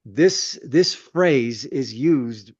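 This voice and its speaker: A man's voice: mid-range voice, lively intonation, extremely slow, darkish tone, slightly rough, no room sound. A man, a rabbi leading a Torah study, teaching conversationally with repeated words and self-deprecating asides. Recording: dull lo-fi sound.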